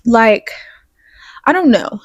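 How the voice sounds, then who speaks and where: A woman's voice: on the high side, lively intonation, takes it slowly, slightly rough, no room sound. Sniffly young woman rambling from her bed. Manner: rambling, candid, swears, trails off into soft asides. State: sniffly from crying. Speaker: podcast host. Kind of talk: casual confessional vlog. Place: bedroom, in bed. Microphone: small mic plugged into a phone.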